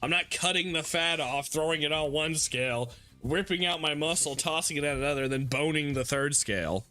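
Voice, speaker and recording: A man's voice: fairly high pitch, fairly quick, sharp tone, soft background music. A man hosting a gaming video, chatting casually and crudely with a co-host and laughing often. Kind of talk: casual game commentary with a co-host.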